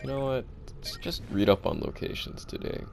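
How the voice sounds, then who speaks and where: A man's voice: medium pitch, sing-song, moderate pace, gravelly, darkish tone, soft background music. A man giving casual, joking commentary while playing a video game, offhand and self-deprecating. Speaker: let's play gamer.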